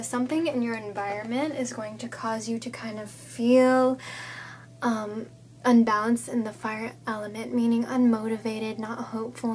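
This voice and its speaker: A woman's voice: on the high side, a little mellow, a little hiss or hum. A woman giving a casual tarot reading, thinking aloud in a chatty, goofy manner. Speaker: tarot reader.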